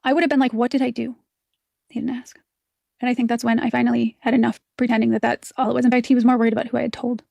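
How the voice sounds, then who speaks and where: A woman telling a personal story in a played clip, retelling it quickly and with strong emotion. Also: fairly high pitch, little pitch movement, creaky, darkish tone, dry recording.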